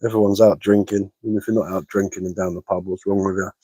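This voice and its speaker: A relaxed Englishman talks easygoing live-stream chat while he works with his hands, answering viewers as he goes. His voice sits fairly low, and the recording is close and dry with no room sound. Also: quick pace, husky, no room sound, low-quality recording. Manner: laid-back, answers chat messages aloud.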